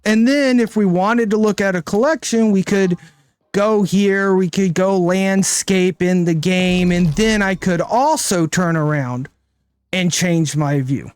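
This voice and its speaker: A man's voice: sits high, measured pace, clean tone. A man streaming a card game live, thinking aloud in casual commentary and often tagging his lines with "right?".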